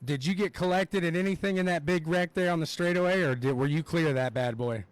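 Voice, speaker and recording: A young man giving live play-by-play commentary on a race, excitable and rambling, with plenty of fillers and asides. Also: fairly high pitch, fast talker, no echo.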